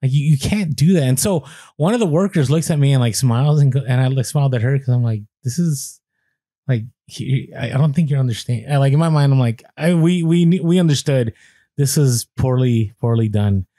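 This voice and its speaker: A man co-hosting a podcast, telling an animated story with quoted voices and many restarts. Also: mid-range voice, a little fast, dry recording. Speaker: podcast co-host.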